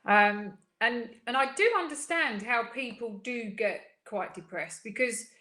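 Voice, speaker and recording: Woman, upbeat, earnest, fairly high voice, echoey room. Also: expressive, a little slow, sharp tone. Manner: upbeat, earnest, talks in long flowing runs. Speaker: co-host of a spiritual wellbeing show. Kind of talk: casual live chat.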